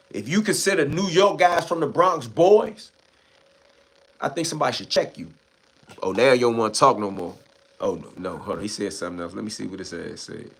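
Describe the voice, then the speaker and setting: A man's voice: mid-range voice, breathy edge. A man from Washington, D.C., with a D.C. accent, hosting a livestream and ranting back at chat in blunt, heated, profane street talk. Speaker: livestream host. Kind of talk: casual livestream rant answering chat.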